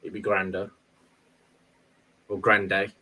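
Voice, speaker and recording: A man's voice: deep voice, completely flat delivery, slow, bright, forceful tone, slightly rough. A man chatting casually as a guest on a vape review panel over a video call. He is easygoing and checks facts aloud.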